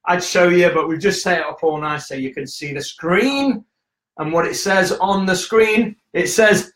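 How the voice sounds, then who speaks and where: Hyper chatty young man, bright voice. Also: high voice, reverberant. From United Kingdom. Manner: hyper, jokey, quick storytelling with acted voices. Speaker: host of a live stream. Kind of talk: casual live-stream chat. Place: indoor room at home.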